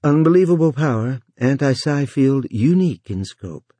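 A man's voice: medium pitch, animated, moderate pace, warm tone, dry recording, voice pushed up, lightly acted. A man voicing a composed, self-assured young woman who speaks levelly.

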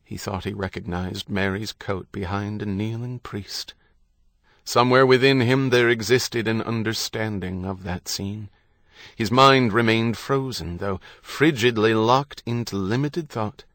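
A man narrating an audiobook in a measured, grave reading. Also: fairly low pitch, fairly bright tone, dry recording, studio quality. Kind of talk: scripted narration.

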